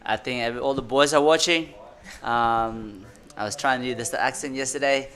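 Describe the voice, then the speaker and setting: A man calls a surf heat live from the commentary booth. His voice sits in an ordinary middle pitch, and his delivery is excitable and loose, with broken phrasing that rushes along with the action.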